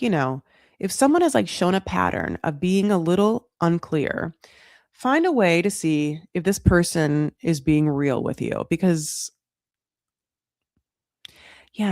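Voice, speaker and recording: A woman's voice: sits low, a little mellow, no echo, studio quality. A woman hosting a casual reality TV recap, chatty and frank, swearing freely and putting on dramatic voices when she quotes people. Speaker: recap show host.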